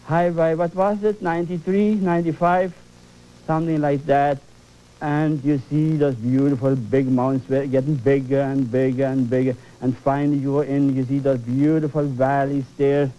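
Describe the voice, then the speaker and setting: A man's voice: mid-range voice, little pitch movement, moderate pace, warm tone, dull audio. A man leading a televised painting lesson, exclaiming and coaxing, repeating phrases for emphasis. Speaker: painting instructor.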